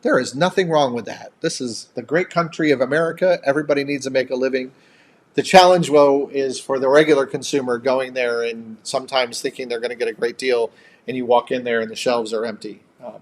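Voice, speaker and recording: Chatty man hosting a live stream. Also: medium pitch. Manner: chatty, reads out and thanks viewer comments. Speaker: co-host of a live chat. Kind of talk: casual live-stream chat.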